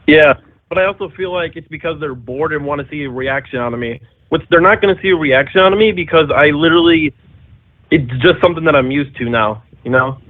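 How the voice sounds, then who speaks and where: A man's voice: a little high, fairly quick. A man calling into a radio show to tell a story, hesitant with many fillers. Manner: hesitant, lots of uhs. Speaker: caller. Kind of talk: telling a story on a call-in show. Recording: tinny phone line.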